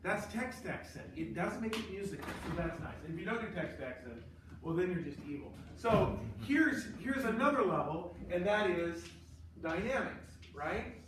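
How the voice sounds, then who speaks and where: A man's voice: high-pitched, expressive, moderate pace, fairly bright tone, slight background noise. A man teaching a choral conducting class, lecturing emphatically with sarcastic asides. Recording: echoey room, distant mic.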